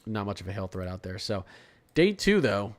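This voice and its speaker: A man's voice: lowish voice, sing-song, normal speed. A young man from Florida hosting a live weather stream, talking casually about forecasts, repeating and restarting phrases as he reads chat. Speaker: weather livestream host.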